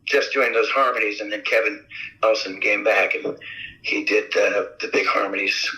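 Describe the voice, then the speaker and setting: A man being interviewed as a rock singer, telling stories in a casual, animated way and acting out quotes with big jumps in pitch. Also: normal speed, rough recording. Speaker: rock vocalist guest. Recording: radio interview audio.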